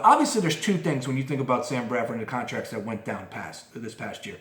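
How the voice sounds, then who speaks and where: A man's voice: mid-range voice, expressive, fairly quick, few pauses, a bit bright. Man, podcast host, casual sports rant, worked-up, echoey room. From moved to Philadelphia as an adult. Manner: opinionated, fired-up, lots of repeats and asides. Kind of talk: casual sports talk monologue. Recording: roomy echo.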